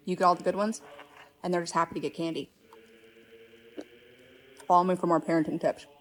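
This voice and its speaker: A woman giving deadpan comedic parenting tips in a breezy, conspiratorial way. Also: lowish voice, a little fast, slight background noise. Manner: breezy, conspiratorial, gets animated. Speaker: comedic content creator.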